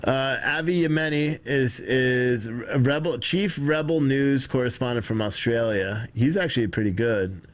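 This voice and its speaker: Guy ranting on his livestream, mid-pitched voice, rambling, annoyed, swears some. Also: measured pace, hardly any pauses. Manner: rambling, frustrated, reads chat aloud, swears. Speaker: livestream host. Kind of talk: casual livestream commentary.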